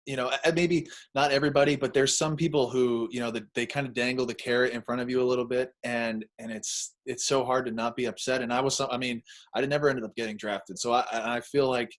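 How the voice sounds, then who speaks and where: A man in the host's chair, speaking at an everyday pitch in a relaxed, supportive way. He agrees often and pieces his thoughts together haltingly, pausing and restarting as he goes. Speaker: podcast host. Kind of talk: casual interview chat.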